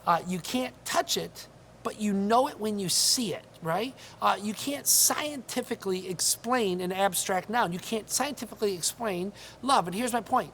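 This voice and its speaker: A woman's voice: medium pitch, moderate pace, a little hiss or hum. Earnest woman preaching a sermon. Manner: earnest, emphatic preaching with frequent fillers and restarts. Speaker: pastor.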